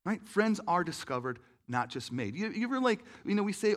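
A pastor gives a relaxed, conversational sermon and often turns to the audience with questions. His voice is a touch higher than most men's, and his talk is loose and filled with "like" and restarts. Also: fairly quick. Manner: chatty, asks the audience questions, many fillers.

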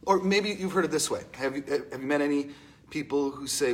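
A man preaching a conversational sermon in an animated, storytelling way, asking the congregation questions. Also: a little high, a little fast.

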